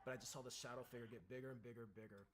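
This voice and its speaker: A man's voice: medium pitch, steady tone, very fast, fairly bright tone, a little hiss or hum. A man, a combat veteran guest, telling a war story in casual, profane, vivid language. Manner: profane, vivid, acts out quoted voices.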